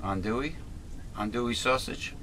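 A man trading jokes and puns in a casual political talk show, with an emphatic, punchy delivery. His voice sits at an ordinary middle pitch. Steady background noise hums under the recording. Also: moderate pace. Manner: wisecracking, punning, emphatic. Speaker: co-host.

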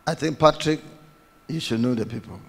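A man's voice: medium pitch, moderate pace, vocal fry, long reverb tail, slight background noise. A man preaching a sermon as pastor, emphatic, repeating his phrases and acting out quotes.

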